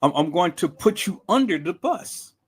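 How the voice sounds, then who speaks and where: Man, livestream host, angry profane rant, repetitive, fairly high voice, lively swooping pitch. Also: moderate pace, husky.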